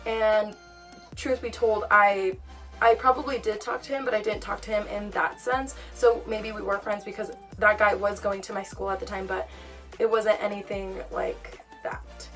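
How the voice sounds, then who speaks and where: A woman's voice: mid-range voice, moderate pace. A young woman casually telling a storytime on her vlog, acting out what she and others said. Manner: chatty, animated retelling with quoted dialogue. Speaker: vlogger. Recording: far from mic, music behind.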